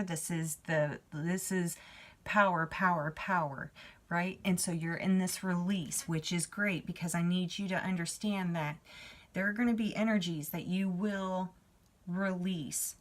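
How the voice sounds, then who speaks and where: A woman giving a spiritual card reading, talking to the viewer in a chatty, reassuring way. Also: fairly low pitch. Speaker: tarot reader.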